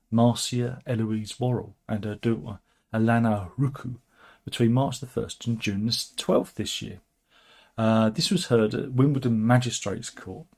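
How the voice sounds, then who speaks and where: A man's voice: mid-range voice, gravelly, a little mellow. A man hosting a casual, satirical news commentary, wry and chatty with frequent asides. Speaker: host.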